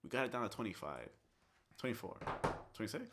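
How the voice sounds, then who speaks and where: Co-host, man; jokey, rambling, swears freely, voice swings widely in pitch. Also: very animated, fast, noisy background. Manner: joking, swears, trails off. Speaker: podcast co-host. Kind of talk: casual podcast chat.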